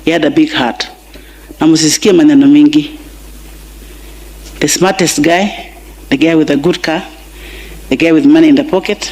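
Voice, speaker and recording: A woman's voice: deep voice, normal speed, long pauses, darkish tone. A middle-aged Kenyan woman with a Kenyan accent giving an emotional eulogy for her husband and mixing in Swahili phrases. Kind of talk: funeral eulogy speech. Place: large funeral gathering.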